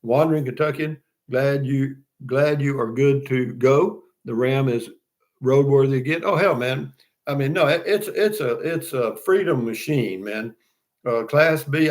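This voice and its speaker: A man's voice: mid-range voice, moderate pace. Folksy older man chatting on livestream. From Texas. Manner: folksy, rambling, many fillers and restarts. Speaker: livestream host. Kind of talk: casual chat reading viewer comments.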